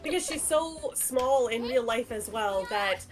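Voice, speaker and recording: A woman's voice: fairly high pitch, lively intonation, a little slow, soft background music. A young adult woman guesting on a game stream, teasing and laughing a lot in casual chat. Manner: playful, teasing, laughs often.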